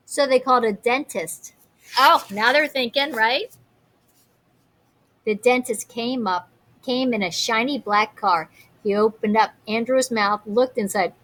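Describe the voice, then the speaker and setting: A teacher woman reading a picture book aloud to young children, her voice a little high and expressive. She breaks off for chatty asides and questions. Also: a little slow.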